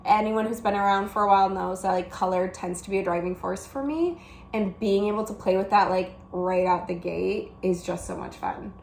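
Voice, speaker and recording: A woman's voice: mid-range voice, steady tone, normal speed, gravelly, roomy sound, slight background noise. A woman hosting a casual chat show, talking in an upbeat, chatty way and laughing often. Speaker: host. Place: indoors by a large window.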